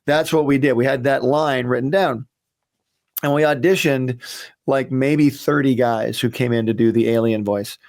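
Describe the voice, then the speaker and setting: A man in casual reaction commentary on his own cartoon, with a mid-pitched, ordinary voice. He tells stories about making the show in a chatty, rambling way, full of ums and restarts. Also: steady tone, moderate pace, creaky, darkish tone.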